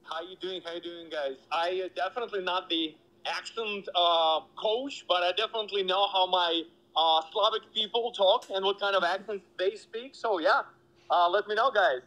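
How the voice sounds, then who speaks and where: A man's voice: high-pitched, normal speed, bright, forceful tone, poor audio. A man called in as a friend on the phone, speaking in a casual, friendly way.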